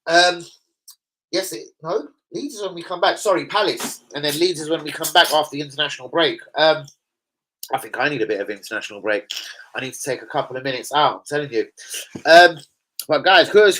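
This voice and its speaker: Sweary, rambling bloke on a live stream. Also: male voice, fairly high pitch, expressive, fairly quick, poor audio. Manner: sweary, rambling and laddish, shouting out viewers. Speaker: live-stream host and football fan. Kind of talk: casual live-stream chat. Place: home room with a laptop. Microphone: laptop setup.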